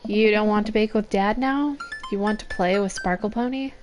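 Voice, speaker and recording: A woman's voice: medium pitch, normal speed, soft background music, natural voice. A woman doing a hammy playful dad. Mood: gentle. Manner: mock-theatrical villain lines.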